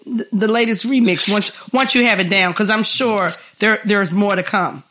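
A woman's voice: mid-range voice, moderate pace, pushed and bright, a little hiss or hum. A woman hosting a casual interview, upbeat and steering the talk along. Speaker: host.

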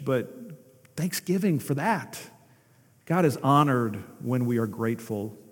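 A man's voice: a little high, in a large hall. A man preaching a sermon as pastor, asking his congregation rhetorical questions. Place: church sanctuary.

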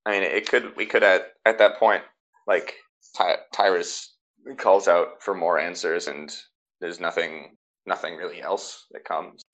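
A man narrating as game master for a tabletop game, halting often with fillers and restarts. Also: low-pitched, flat delivery, fairly bright tone, rough recording.

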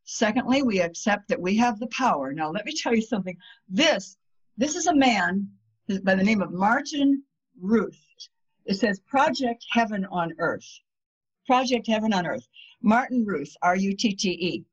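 A woman's voice: medium pitch, moderate pace, slightly rough. A woman guest on a podcast, talking casually about spirituality and telling stories, and she acts out the voices of the people in them. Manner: animated storyteller, acts out quoted voices. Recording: dull lo-fi sound.

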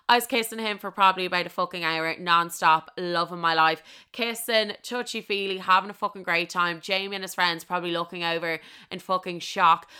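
Animated, sweary Irish woman telling a story. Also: on the low side, a little fast, few pauses, clean tone. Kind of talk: comedic storytelling.

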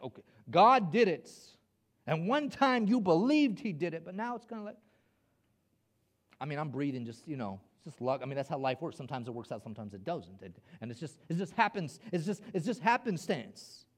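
A man acting out a discouraged, doubting believer in a sermon, muttering in a resigned, lowered voice. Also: sing-song, brisk. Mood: dismissive.

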